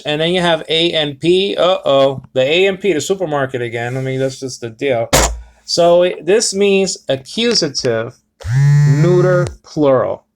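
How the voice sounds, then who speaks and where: A man giving a casual Bible Greek lesson, rambling and correcting himself with many fillers. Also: fairly high pitch. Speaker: Bible teacher.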